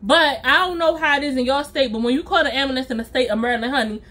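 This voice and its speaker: An animated woman telling a story straight to her viewers, chatty and expressive. Her voice sits high, and she slips into the voices of the people in her story. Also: fast talker. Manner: animated, addresses viewers as y'all and honey, acts out quotes. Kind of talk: casual storytime.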